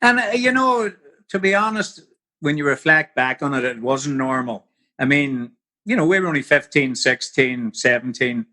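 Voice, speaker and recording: A man's voice: medium pitch, expressive, moderate pace, pushed and bright. A man in his sixties with a Northern Irish accent, a podcast guest telling vivid anecdotes in a casual interview. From Belfast.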